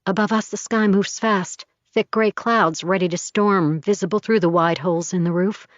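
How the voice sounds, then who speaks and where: A woman narrating a first-person audiobook in an intimate, steady storytelling voice, on a slightly dull recording. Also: medium pitch, moderate pace, dry recording.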